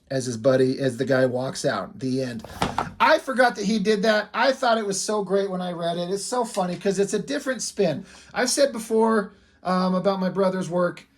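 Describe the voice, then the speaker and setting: Rambling man chatting casually, laughing. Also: fairly high pitch. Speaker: video creator. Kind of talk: casual show-and-tell vlog.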